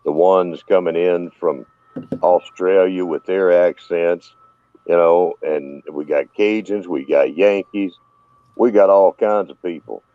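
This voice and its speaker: A man's voice: low voice, fairly even intonation, unhurried, dry recording. A man with a Southern US accent hosting a casual live-stream chat, telling rambling stories. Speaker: host. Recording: dull lo-fi dry sound.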